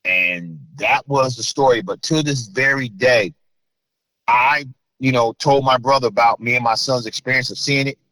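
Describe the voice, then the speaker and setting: A middle-aged man from New Jersey, a guest in an interview, telling a story with animated bursts as he acts out voices. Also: mid-range voice, moderate pace, no room sound, low-quality recording.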